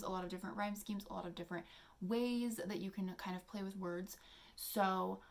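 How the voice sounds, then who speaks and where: A young adult woman hosting a casual teaching vlog, soft-spoken and chatty, with many fillers as she explains poetry exercises. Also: medium pitch. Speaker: poetry channel host.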